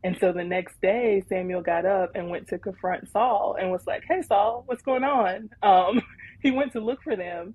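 A woman co-hosting a podcast, retelling a Bible story in casual chat with animated, laughing energy. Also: lowish voice, moderate pace, slightly rough, no room sound, poor audio. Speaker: podcast co-host.

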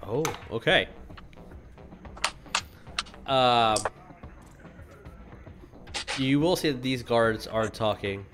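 A man's voice: mid-range voice, very slow, pauses often, a bit bright, soft background music. A man running a tabletop game as game master, chatty and explaining rules as he makes them up.

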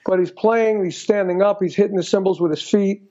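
An older man telling stories as an interview guest, rambling and filling every pause with "you know". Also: high voice, steady tone, mellow. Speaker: guest musician. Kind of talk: casual storytelling interview. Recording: dull lo-fi recording.

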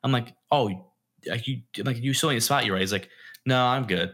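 A man's voice: mid-range voice, a little fast, a little hiss or hum. A young man co-hosting a podcast, telling a story in casual chat and acting out the quotes. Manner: animated storyteller, acts out quotes. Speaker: podcast co-host.

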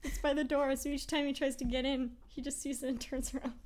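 A young woman with a high-pitched voice trades crude banter on a casual podcast. She is quick-witted and giggly. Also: level tone, darkish tone. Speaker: podcast co-host. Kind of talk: casual chat.

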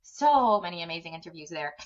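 On a parenting podcast with dull, lo-fi audio, the female host conducts a conversational interview with earnest enthusiasm and lots of fillers. She has a lowish, expressive voice and talks a little fast.

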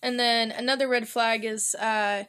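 A woman's voice: a little high, fairly even intonation, measured pace, a bit bright, smooth. A young woman co-hosting a casual faith podcast, friendly and laughing easily as she backs up her co-host.

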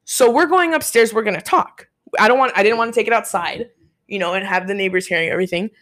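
A woman's voice: medium pitch, fast talker. A young woman telling a story in casual chat, swearing freely and acting out what people said. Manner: profane, animated, quotes people in their voices.

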